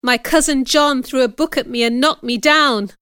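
A woman's voice: high-pitched, fairly even intonation, normal speed, a bit bright, clear, resonant tone, no room sound, studio quality. A woman voicing an unhappy ten-year-old orphan girl who pleads desperately in a storybook reading. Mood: plaintive.

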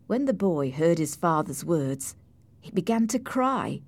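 A woman narrating an audiobook in a clear, measured storytelling manner, close to the mic. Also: on the low side, big pitch swings, a little mellow, no echo.

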